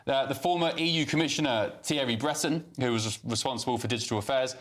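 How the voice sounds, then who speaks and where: A man reading news items aloud in a talk show. He keeps a measured pace at an average pitch and pauses on fillers now and then. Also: fairly bright tone.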